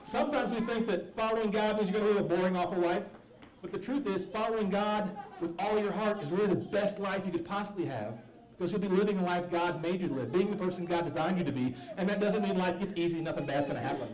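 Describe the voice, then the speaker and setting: A man's voice: sits high, fast, a little mellow. A man performing comedy gospel magic for kids, talking in a silly, playful, self-mocking way. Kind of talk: live stage comedy talk for kids. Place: church hall stage. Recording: echoey hall with music behind.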